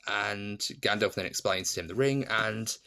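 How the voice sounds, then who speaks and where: Guy with a really low voice doing a chatty movie review, keeps restarting and saying you know, sounds fond of it. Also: a little slow, gravelly, bright, forceful tone. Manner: rambling, many restarts and "you know" fillers; fond and enthusiastic. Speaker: film reviewer. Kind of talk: casual spoken film review.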